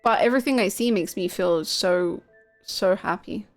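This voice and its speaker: A woman's voice: medium pitch, moderate pace, soft background music. A woman live-streaming, chatting casually with her viewers, gushing and swearing freely. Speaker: game streamer.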